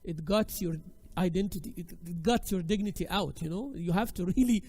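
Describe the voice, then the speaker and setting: A man's voice: high voice, normal speed, dark tone, slightly rough. A male teacher lecturing a women's class, emphatic and exhorting, often repeating his key phrases. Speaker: Islamic studies teacher.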